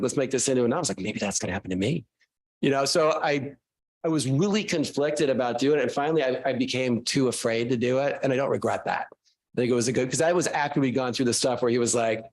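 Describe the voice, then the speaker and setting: A man, a guest author, telling animated, self-mocking stories casually to a class. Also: medium pitch, vocal fry.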